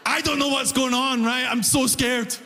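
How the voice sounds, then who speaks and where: A man doing a stand-up comedy set, telling stories animatedly, laughing often and shouting his punchlines. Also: very high voice, fairly even intonation, normal speed. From outside Canada, immigrant. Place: comedy venue with a live audience. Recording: long hall reverb, faint background noise.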